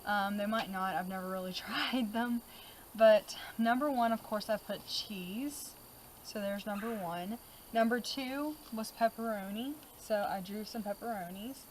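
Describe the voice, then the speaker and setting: A woman's voice: mid-range voice, measured pace, a little hiss or hum, low-quality recording. A woman vlogger chatting casually about her journal pages, with lots of "um" and "like" as she talks. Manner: chatty, many fillers like "um" and "like". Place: outdoors.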